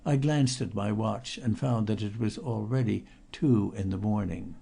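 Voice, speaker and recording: A man reading a period spy novel aloud in measured, even storytelling narration. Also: on the low side, vocal fry, husky. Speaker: audiobook narrator. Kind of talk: scripted audiobook narration.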